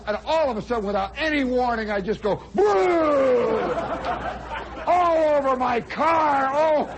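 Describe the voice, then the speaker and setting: A man in his forties, a radio host telling a comic personal story in an animated way, now and then shouting for effect. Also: extremely high pitch. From United States. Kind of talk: spoken storytelling monologue. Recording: old radio broadcast with faint crowd and noise.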